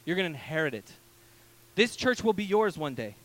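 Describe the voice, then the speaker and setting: Guy pastor telling stories in his sermon, high voice, bouncy, lots of ums, acts out what people said. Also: fairly quick. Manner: animated, acts out quoted voices, many fillers. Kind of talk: casual storytelling sermon. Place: church stage.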